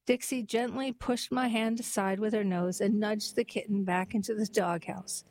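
A woman narrating a heartwarming story and then reading a poem aloud in a gentle, even storytelling manner. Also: mid-range voice, normal speed, dry recording, low-quality recording.

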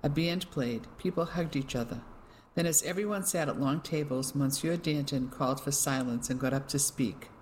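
An audiobook narrator reading a wartime novel in an even, measured way. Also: slight background noise, poor audio. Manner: reads evenly, shifting pitch for characters. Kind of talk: scripted narration.

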